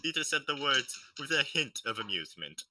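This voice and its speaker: A man reading aloud and bantering with friends, loud, profane and joking, recorded dry and away from the mic. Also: medium pitch, very animated, brisk, no room sound, distant mic, rough recording. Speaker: reader.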